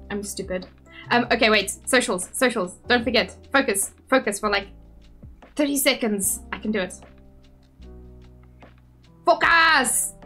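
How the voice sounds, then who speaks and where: A woman's voice: mid-range voice, a bit bright. A young woman streaming from home, chatting casually with viewers in a bubbly, self-deprecating, giggly way. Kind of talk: casual live-stream chat.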